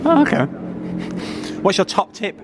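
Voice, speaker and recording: A man's voice: high voice, big pitch swings, very noisy. Playful young man hosting a vlog. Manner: playful, jokey, quick asides. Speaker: vlog host. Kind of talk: casual behind-the-scenes vlog chat.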